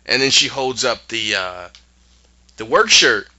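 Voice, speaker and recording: A man's voice: mid-range voice, lively intonation, a little slow, pushed and bright, muffled recording. A man co-hosting a podcast, casually retelling a show's plot with acted-out quotes. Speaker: podcast co-host recapping a show. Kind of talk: casual chat.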